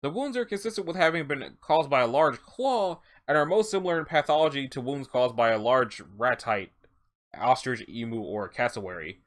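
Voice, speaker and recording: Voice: mid-range voice, animated, normal speed. A tired narrator reading a wiki entry aloud, stumbling over words and adding casual asides. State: tired, yawning. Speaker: let's-read narrator.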